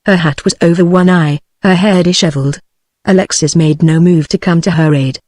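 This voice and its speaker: A synthetic British English woman's voice reading a novel aloud in an even, machine-read delivery. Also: lowish voice, normal speed, no echo, studio quality. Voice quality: flat, even text-to-speech delivery. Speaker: audiobook narrator. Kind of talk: synthesized audiobook narration.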